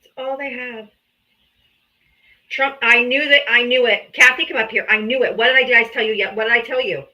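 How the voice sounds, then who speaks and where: A woman's voice: on the high side, steady tone, brisk, bright, forceful tone, lo-fi sound. A woman hosting a live political debate stream, combative, sarcastic and heavy on profanity.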